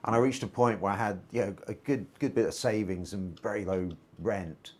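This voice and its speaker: A man's voice: lowish voice, brisk, slight background noise. A man, a stand-up comedian being interviewed, telling long casual anecdotes and acting out bits of dialogue. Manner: relaxed, rambling anecdotal delivery with acted-out dialogue. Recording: loud guitar music behind the voice.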